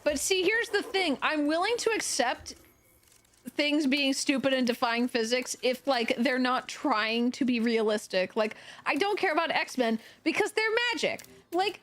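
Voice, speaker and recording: A woman streaming live, chatting casually with viewers while she plays, animated, laughing a lot and swearing freely. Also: high-pitched, a little slow. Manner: answers viewer chat while playing.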